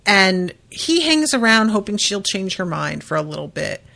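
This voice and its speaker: A woman's voice: medium pitch, sing-song, normal speed, vocal fry, pushed and bright. Chatty woman podcast host, swearing casually. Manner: loose and chatty, with lots of fillers and casual swearing. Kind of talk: casual book recap.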